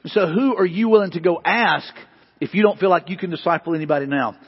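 A man with a high, husky voice preaches from the pulpit, hammering home repeated questions and swelling into emphatic peaks. The sound is dull and lo-fi, with a long reverb tail from a church sanctuary. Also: fast talker. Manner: repetitive, emphatic preaching with rising bursts. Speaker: pastor. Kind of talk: sermon. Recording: dull lo-fi hall recording.

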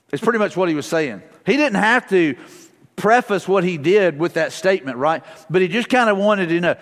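High-voiced folksy preacher in a big hall. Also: male voice, animated, a little fast, a bit bright. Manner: folksy and conversational, with family stories and repeated prayers. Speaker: pastor. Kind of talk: sermon. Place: church sanctuary. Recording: long church-hall reverb.

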